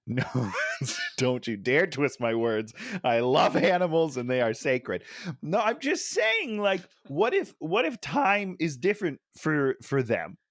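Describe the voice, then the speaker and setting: Male podcast co-host, lively pitch, dry close sound, jokey and animated delivery. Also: unhurried, no room sound. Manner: jokey, animated, laughs often. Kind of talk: casual comedic movie chat.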